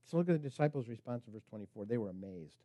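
A man's voice: mid-range voice, expressive, very fast, dark tone, no echo. A man preaching a sermon as pastor, emphatic and preacherly, at times speaking the tempter's lines.

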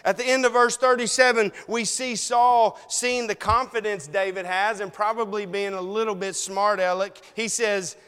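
Male preacher, folksy sermon delivery, smooth clear voice, long hall reverb. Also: sits high, steady tone, a bit bright. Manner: folksy, conversational preaching with dramatic pauses. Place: church sanctuary.

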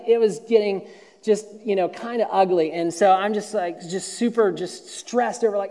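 A man's voice: high-pitched, normal speed, warm tone. A man preaching a conversational sermon as pastor, telling stories and often repeating and restarting words. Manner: storytelling, frequent word repeats and restarts. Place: church auditorium. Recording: long reverb of a large hall.

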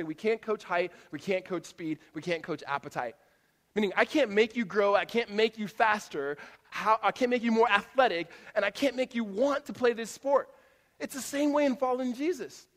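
A man preaching a sermon as a pastor to a church congregation, talking in a conversational, animated way with frequent restarts. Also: high-pitched. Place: church auditorium. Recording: long hall reverb.

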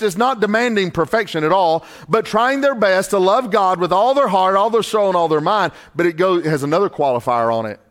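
A middle-aged man preaching a sermon as pastor, with emphatic delivery that climbs high on key points and then drops low and quiet.

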